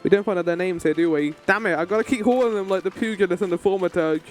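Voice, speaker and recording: A man rambling and joking through casual commentary as he plays a game, his voice sitting high for a man. He talks in an easy, unscripted way between his own thoughts and quips at the characters on screen. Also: fast, soft background music. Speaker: streamer. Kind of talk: casual let's-play commentary.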